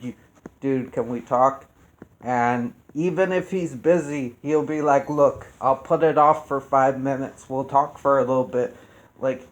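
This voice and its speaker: Male reviewer, casual chat, profane and rambling, ordinary mid pitch. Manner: rambling, profane, restarts often. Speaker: YouTube reviewer.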